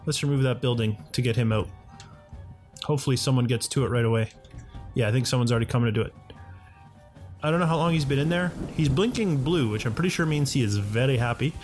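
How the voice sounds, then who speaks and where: Man, let's play commentator, mid-pitched, chatty and self-talking, faint music underneath. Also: fast. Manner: chatty, talks to himself and his game characters. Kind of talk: casual gameplay commentary. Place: home condo.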